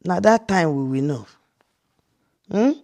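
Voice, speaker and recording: Slow, incredulous Nigerian woman vlogger. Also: fairly low pitch, expressive, gravelly, a little mellow. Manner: incredulous, rhetorical, with frequent restarts and laughs. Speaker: vlogger reacting to a clip. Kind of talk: casual reaction commentary.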